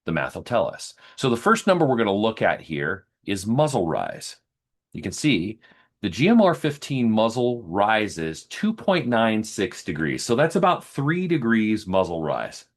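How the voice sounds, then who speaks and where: A man with a lowish voice goes methodically through test numbers one by one. His pitch moves a lot as he explains. He talks straight to his viewers as the show's host. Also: huge pitch swings, a little slow. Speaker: host comparing rifles.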